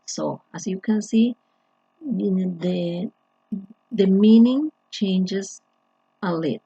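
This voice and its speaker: A woman teaching an English grammar lesson, talking slowly and deliberately with frequent restarts and fillers. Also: mid-range voice, dark tone, breathy edge, no echo. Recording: dull lo-fi, dry sound.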